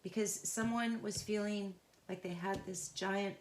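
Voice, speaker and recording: A woman giving an unscripted, intuitive tarot reading, earnest and emotionally involved, talking in a halting, searching way with pauses and restarts. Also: mid-range voice, fairly even intonation, roomy sound, a little hiss or hum. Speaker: tarot reader.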